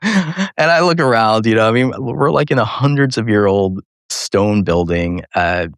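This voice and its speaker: A male neurosurgeon and podcast host telling a personal story in an interview, animated and laughing often, with many fillers. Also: lowish voice, normal speed, no room sound, studio quality.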